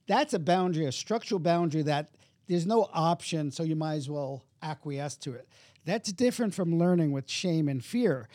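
Guy hypnotherapist talking it through on a podcast, kinda high voice, acts out people in his stories. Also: lively intonation, moderate pace, a little mellow, no echo. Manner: explanatory, acts out voices in anecdotes. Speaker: hypnotherapist guest. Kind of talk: interview conversation.

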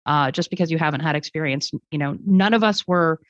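Her voice is low and a little fast. This Germany-based woman, a podcast guest, explains her ideas thoughtfully, restarting sentences and using fillers, and the recording is dry and dull lo-fi with no echo.

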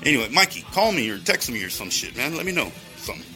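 A man rambles through a profanity-laden monologue, calling out to his listeners and wandering between tangents. His voice is bright and sharp at a middling pitch. Faint music plays behind him. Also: very animated, quick pace. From Texas. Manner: heavy swearing, rambling tangents, addresses listeners directly.

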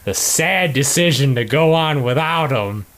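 A man with a slightly higher voice talks through a movie's plot in a loose, joking way. He swears freely, laughs often, and slips into quick voices to act out what the characters say. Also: a little hiss or hum. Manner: swearing, laughing, animated retelling with quoted lines. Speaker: podcast co-host. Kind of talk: casual movie recap chat.

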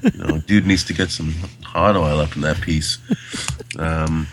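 A man's voice: rumbling low, fairly even intonation, unhurried, noisy background. A man co-hosting a podcast, talking about a film casually in a rambling way with many fillers. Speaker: podcast co-host.

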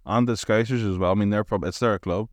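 A man co-hosts a casual podcast. He probes with questions and then makes his own points at length, in a fairly low voice. The sound is close and dry. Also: fast talker, no room sound. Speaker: podcast co-host. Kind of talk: casual chat.

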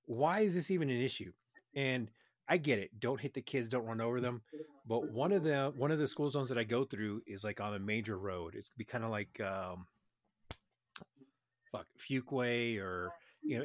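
A man's voice: medium pitch, lively intonation, moderate pace. A man in casual podcast chat, talking in a laid-back, reflective way and swearing casually.

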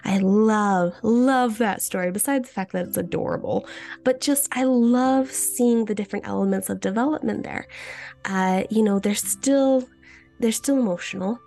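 Woman, podcast host, casual teaching chat, gravelly fry, mid pitch, chatty. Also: moderate pace, mellow. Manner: chatty, talks straight to listeners; frequent restarts and fillers.

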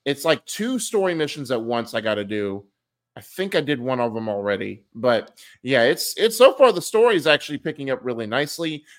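A man co-hosting a casual gaming podcast, chatting in an animated, joking way. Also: mid-range voice. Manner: animated and joking, quick to laugh. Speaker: podcast co-host.

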